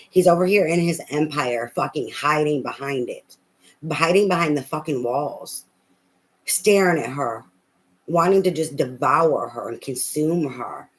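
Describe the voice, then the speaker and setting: A tarot reader giving a casual, blunt and heavily profane love reading in an animated way. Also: mid-range voice, poor audio.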